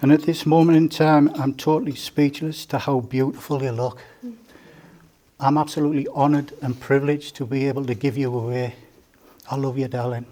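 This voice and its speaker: A man's voice: mid-range voice, fairly even intonation, moderate pace, mellow. A man, giving a joking, story-filled father of the bride speech at a wedding reception. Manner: joking, storytelling, teasing the groom. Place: indoor wedding reception room.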